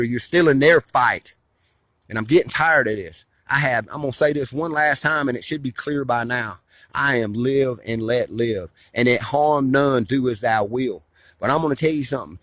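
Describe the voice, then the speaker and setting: A man's voice: medium pitch, fairly bright tone, no room sound. A middle-aged man lectures his viewers in a blunt, preachy rant, often restarting and repeating phrases. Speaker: father and online commentator. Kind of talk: ranting monologue to viewers.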